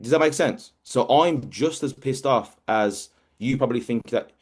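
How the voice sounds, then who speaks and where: A man giving a motivational talk as a business mentor, emphatic and energetic, often repeating words as he drives a point home. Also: mid-range voice, moderate pace, breathy edge.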